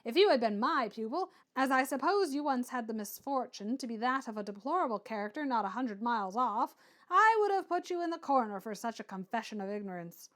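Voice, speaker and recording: A woman reading an audiobook and voicing a scornful, mocking Englishman who stresses his words loudly and slowly. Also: sits high, lively intonation, voice pushed up. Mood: sneering. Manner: loud, emphatic, drawn-out stresses.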